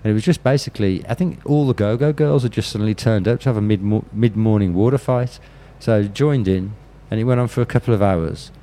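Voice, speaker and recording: A Birmingham-born man, interviewed as a guest, tells candid stories in a Birmingham English accent, blunt and profane, often restarting his sentences. His voice is lowish and dark, and he talks quickly with few pauses.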